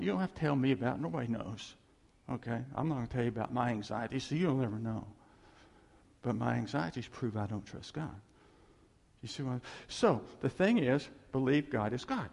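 A man pastor preaching a sermon, emphatic and repetitive, reading scripture slowly. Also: medium pitch, gravelly, darkish tone. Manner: emphatic, repeats phrases, reads scripture slowly. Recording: echoey hall.

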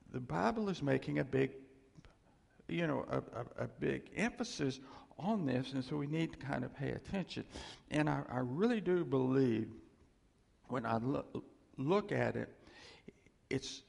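A man giving an informal, conversational sermon as preacher, rambling and restarting often. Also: mid-range voice. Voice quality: gravelly, breathy. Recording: long hall reverb.

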